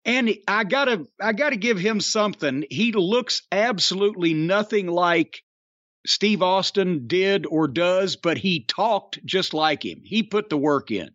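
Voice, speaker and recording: Profane storytelling older man, high voice. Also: animated, measured pace, a bit bright, no echo, highs cut off. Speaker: podcast host. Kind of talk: casual chat.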